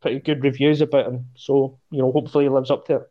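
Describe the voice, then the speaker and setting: A man, a guest on a football podcast, talking in a relaxed, rambling way. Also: mid-range voice, rapid-fire, highs cut off. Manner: relaxed, rambling, laughs easily. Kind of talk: casual football chat.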